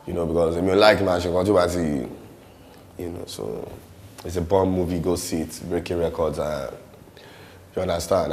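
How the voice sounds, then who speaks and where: A man's voice: low-pitched, slight background noise. A Nigerian man with a Nigerian accent, talking casually in an interview, with many fillers and some Yoruba phrases. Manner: relaxed, many "you know" fillers, mixes in Yoruba. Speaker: musician and actor interviewee.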